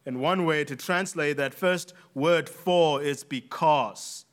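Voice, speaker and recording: Man, preacher, accented english, emphatic sermon, slightly high voice. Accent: non-native English accent. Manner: earnest, emphatic with deliberate repetition.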